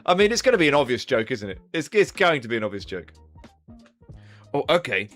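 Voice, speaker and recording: A man's voice: medium pitch, big pitch swings, a little fast, fairly bright tone, faint music behind. A young man hosting a casual live stream, chatting loosely with viewers and swearing now and then. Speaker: livestream host.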